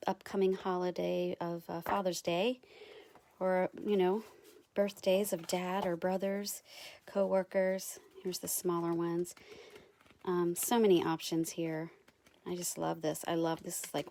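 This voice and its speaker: Slow, low-pitched gushing craft vlogger woman. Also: darkish tone, a little hiss or hum. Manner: gushing, halting with many ums. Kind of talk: casual product show-and-tell.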